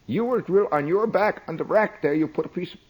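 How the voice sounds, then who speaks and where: A man's voice: high voice, a little fast, darkish tone, husky, voice pushed up, low-quality recording. A man doing a stern old piano maker. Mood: instructing. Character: stern old male German piano craftsman.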